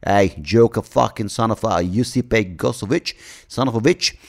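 Man doing loud, brash Aussie politician, foul-mouthed, itching for a fight, gravelly. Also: fairly low pitch, moderate pace. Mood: belligerent. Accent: put-on Australian. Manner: shouting, swearing, combative.

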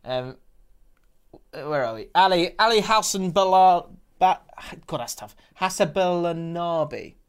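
Man, podcast co-host, casual chat, laughs a lot, slightly high voice. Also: animated, unhurried, smooth. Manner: laughs often, reads listener messages aloud.

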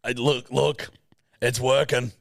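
A man's voice: mid-range voice, little pitch movement, slow, vocal fry, no echo, clean studio sound. A young man, co-hosting a podcast in laid-back, swearing casual chat with lots of laughs. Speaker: podcast co-host.

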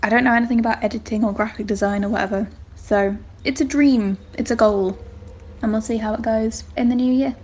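A woman's voice: a little high, fairly even intonation, a little fast, a little mellow, a little hiss or hum. A woman from England leaving a frank, self-deprecating voicemail, swearing casually. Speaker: first-time caller. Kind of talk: casual voice message. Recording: dull lo-fi phone message.

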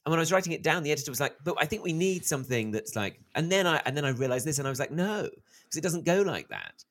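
A man in his thirties, an author being interviewed, telling stories in a lively way and acting out the voices of the people he quotes. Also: a little high, very fast. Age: 30s. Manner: animated storyteller, acts out quoted voices. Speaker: author guest. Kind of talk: interview conversation.

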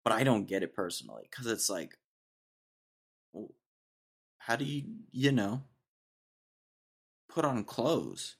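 A man's voice: on the low side, big pitch swings, slow, creaky, pauses often, breathy edge. Young dude from texas ranting solo on his podcast, laid back, says dude a lot. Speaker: podcast host. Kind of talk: solo casual rant.

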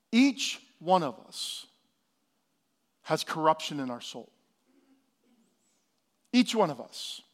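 High-voiced man preaching a sermon. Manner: dynamic preaching, swinging from hushed to loud. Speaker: pastor. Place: church hall.

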